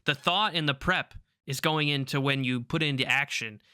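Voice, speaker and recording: A bright-voiced young man, excitable and swearing freely, chats casually as a podcast co-host. His pitch sits in the middle and his pace is moderate. The tone is clean, with no echo and clean studio sound.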